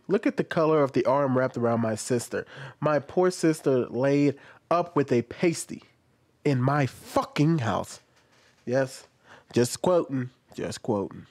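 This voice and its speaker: With a medium-pitched, somewhat dark voice, a man offers casual commentary on social media posts. He reads the posts aloud, rambling and correcting himself as he goes.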